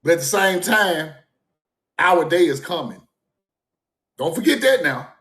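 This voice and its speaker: Man, livestream monologue, higher-pitched voice, very lively pitch, emphatic, laughs often. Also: a little slow, echoey room. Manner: animated, emphatic, laughs often, repeats himself. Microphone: phone or streaming mic.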